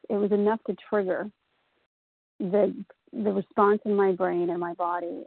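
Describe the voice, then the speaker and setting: A woman from Southwest Florida sharing her recovery story at a meeting, halting and emotional, with many pauses. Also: medium pitch, gravelly, slightly rough, dry recording. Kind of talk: personal recovery share. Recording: tinny phone line.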